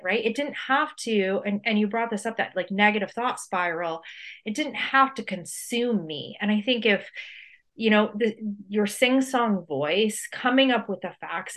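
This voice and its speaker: A woman's voice: medium pitch, fairly bright tone. A woman who is a researcher, co-hosting a podcast in casual chat, reflective and reasoning aloud. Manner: reflective, reasons aloud with quoted self-talk.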